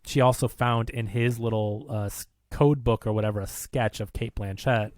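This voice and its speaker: A man co-hosting a podcast, retelling a film's scenes in casual conversation and slipping into quick voices for the characters. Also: mid-range voice, fairly even intonation, darkish tone, no echo, studio quality. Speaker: podcast co-host. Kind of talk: casual film discussion.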